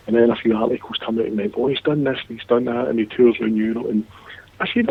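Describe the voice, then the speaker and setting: Fast, gravelly male caller, husky, heard through a tinny phone line. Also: medium pitch, expressive, darkish tone. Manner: fast, chatty storytelling. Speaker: regular caller.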